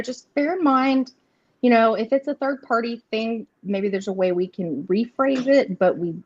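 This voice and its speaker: A woman, hosting a live reading stream in casual, rambling chat and laughing often. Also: mid-range voice. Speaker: host of live tarot readings. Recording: dull lo-fi stream audio.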